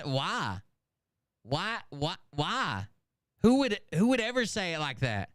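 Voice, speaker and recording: A man's voice: fairly high pitch, big pitch swings, slow, a bit bright, dry recording, clean studio sound. A man hosting a reaction channel, mocking and swearing as he comments on a clip. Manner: mocking, profane.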